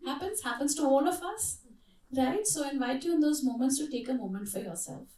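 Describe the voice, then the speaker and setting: A woman with a high-sitting, slightly fast voice tells lively stories in an echoey conference hall, asking the audience questions during her interactive workshop talk. She's recorded from a mic set far away.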